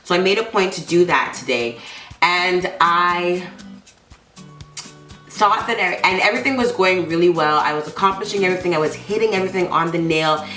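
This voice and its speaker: A woman vlogging to her channel, telling the story of her day in a lively, animated way, with sarcastic asides and a pep talk to herself. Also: lowish voice, normal speed. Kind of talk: casual vlog monologue. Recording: roomy echo with faint background music.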